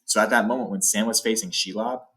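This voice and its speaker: A man's voice: lowish voice, fairly even intonation, fast talker, fairly bright tone. A man hosting a book channel, chatting casually and enthusiastically as he ranks legendary swords, rambling a little as he goes. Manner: enthusiastic, rambling, says awesome often. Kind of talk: casual ranking talk.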